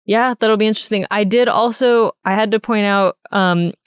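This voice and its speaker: A woman's voice: mid-range voice, steady tone, normal speed, clean tone, dry recording, clean studio sound. A woman co-hosting a podcast, chatting in a conversational, giggly way. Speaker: podcast co-host. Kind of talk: casual podcast chat.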